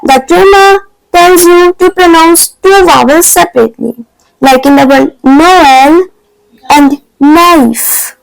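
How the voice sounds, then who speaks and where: Woman, language teacher, very high voice, slow careful delivery, repeats words for practice, dry close sound. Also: fairly even intonation, creaky, dry recording, soft background music, low-quality recording. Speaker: French teacher. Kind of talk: scripted lesson narration.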